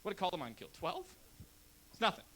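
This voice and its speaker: Brash young Canadian stand-up comic. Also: male voice, sits high, a little fast. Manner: brash, deadpan delivery. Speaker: stand-up comedian. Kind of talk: stand-up comedy set. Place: comedy club stage.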